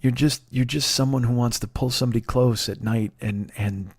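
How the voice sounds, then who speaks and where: A man's voice: medium pitch, steady tone, fairly quick, husky, dry recording, clean studio sound. A man, hosting a comedy podcast with a profane, rambling, self-mocking storytelling monologue full of restarts. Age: 50s.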